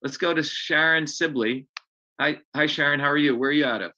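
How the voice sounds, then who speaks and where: A man's voice: a little high, a little fast, sharp tone, muffled recording. A man hosting a live online open house, talking bluntly and rambling from point to point with frequent restarts. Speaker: host.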